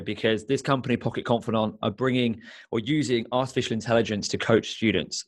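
A man hosting a casual podcast interview, upbeat and friendly, often speaking directly to his listeners. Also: fairly low pitch. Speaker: podcast host.

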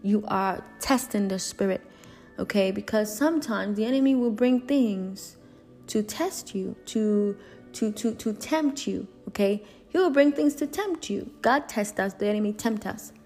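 A woman's voice: mid-range voice, a little slow, darkish tone, faint music behind. A woman preaching a sermon in an earnest, emphatic way, repeating and restarting her phrases.

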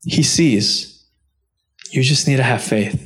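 Speaking slowly, this pastor preaches with earnest directness. He climbs to impassioned highs and softens to a low voice for quotations.

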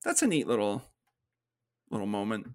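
This podcast co-host has a lowish, darkish voice with huge pitch swings and a normal speed. Chatting casually about a film, he recaps the story, acts out the characters, and laughs a lot.

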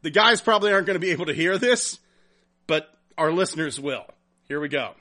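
A man hosting a casual podcast, reading listener comments and telling a story in a profane, animated way. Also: on the high side, brisk. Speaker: podcast host.

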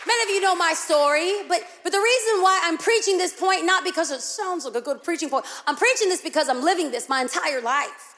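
A woman with a high, bright voice preaches in a church sanctuary, her words trailing off into a long hall reverb. She is animated and playful, leaning hard on key phrases to make her points. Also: a little fast, few pauses, a faint crowd. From United States. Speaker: guest preacher. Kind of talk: sermon.

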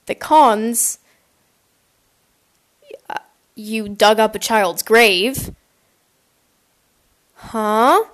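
A woman podcast host with a fairly high voice chats casually, drawing out her words and pausing often as she reacts to listener confessions. She rambles and acts out quotes in silly voices, all captured on a poor-quality mic.

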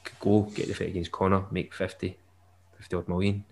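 Chatty man, low voice. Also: flat delivery, brisk, gravelly. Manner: chatty, jokey, with bursts of laughter. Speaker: podcast co-host. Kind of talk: casual chat.

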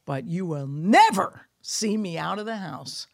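A woman's voice: on the low side, measured pace, creaky. A middle-aged woman comedian hosting a podcast, telling stories in a casual, profane way and acting out quotes. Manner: animated, profane storytelling with acted-out quotes.

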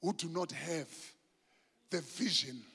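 A South African man preaching a sermon as pastor, passionate and swinging between hushed and shouted delivery, slipping in Zulu phrases. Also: on the high side, slow, vocal fry, husky. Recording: long hall reverb.

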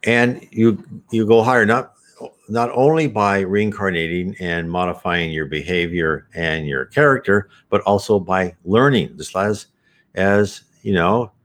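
Low-voiced man explaining spiritism earnestly. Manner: earnest, explanatory, animated emphasis. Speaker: spiritism presenter. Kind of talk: conversational teaching monologue.

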